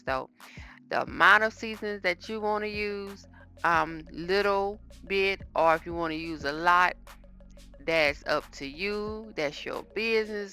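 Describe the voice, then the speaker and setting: Low, bright-voiced woman vlogging her cooking. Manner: chatty, talks straight to viewers. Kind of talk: casual cooking vlog chat. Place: home kitchen. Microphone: phone camera.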